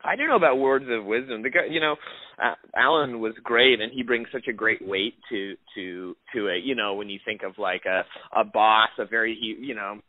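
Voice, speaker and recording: Casting note: young man, lowish voice, rambling actor interview over a dry phone line. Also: fairly quick, dry recording. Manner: rambling, many restarts and fillers. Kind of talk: casual interview chat.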